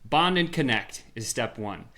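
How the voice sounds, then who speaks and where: A man who is a sales strategist, guesting on a podcast and talking in an energetic, punchy way full of rhetorical questions. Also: mid-range voice, unhurried. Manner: animated, acts out little scenes in voices. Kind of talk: energetic storytelling.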